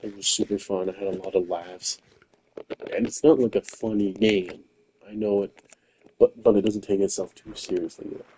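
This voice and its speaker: A young man talking quietly to himself while streaming a game late at night in his quiet home. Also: lowish voice, fairly even intonation, moderate pace, a little hiss or hum, rough recording. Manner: quiet, rambling, self-talking. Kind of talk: casual late-night gameplay stream chat. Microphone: controller or headset mic held close.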